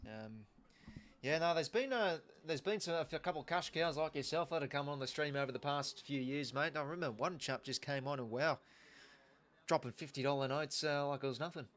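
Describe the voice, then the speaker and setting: A man's voice: on the high side, brisk, fairly bright tone. A young Australian man hosting a live football watch-along, chatting casually with viewers and thanking them as he goes. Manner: chatty and easygoing, thanking viewers, many restarts. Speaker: livestream host.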